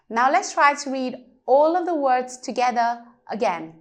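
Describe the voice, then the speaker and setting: A woman's voice: sits high, lively intonation, moderate pace, few pauses. A woman teaching pronunciation, explaining patiently step by step with examples. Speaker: language teacher. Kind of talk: slow pronunciation lesson.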